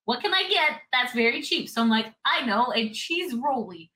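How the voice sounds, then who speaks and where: A woman co-hosts a casual chat podcast, winding through a long story with many restarts and fillers. Her voice sits a little high and sounds bright and crisp. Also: expressive, moderate pace, poor audio. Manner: rambling storyteller, full of "like" and restarts. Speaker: podcast co-host.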